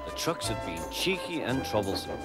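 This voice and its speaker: A man narrating a children's storybook with gentle, expressive storytelling. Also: mid-range voice, normal speed. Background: music.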